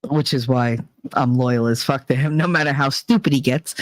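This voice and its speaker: Talking at a normal speed in a medium-pitched voice with no room sound, a New Jersey man who runs a channel delivers a candid personal monologue to his viewers. He rambles, swears and confesses, occasionally imitating others.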